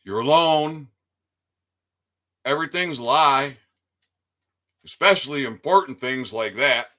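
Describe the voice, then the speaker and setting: A man's voice: mid-range voice, measured pace, pushed and bright. A man giving a rambling casual monologue to his viewers, stammering over repeated words and swearing freely. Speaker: independent online commentator.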